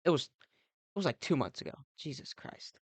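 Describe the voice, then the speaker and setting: Over gameplay, a young man hosting a let's play rambles through a sweary, ironic comedy monologue, stacking up fillers and going off on tangents in a gravelly, fry-heavy voice. He pitches on the high side with lively intonation at a normal speed, recorded dry and close with no echo.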